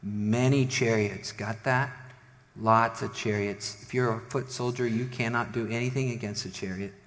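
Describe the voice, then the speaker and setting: A man preaching a sermon as a pastor, retelling a Bible story and acting out its characters with lively voices. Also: mid-range voice, moderate pace. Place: church sanctuary. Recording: long hall reverb.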